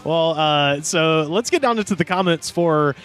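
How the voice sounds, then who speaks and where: A man's voice: on the high side, animated, moderate pace, fairly bright tone, faint music behind. A man, co-hosting a casual comedy podcast, reading comments aloud and laughing often. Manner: laughs often, slips into silly put-on voices for comments. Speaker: podcast co-host.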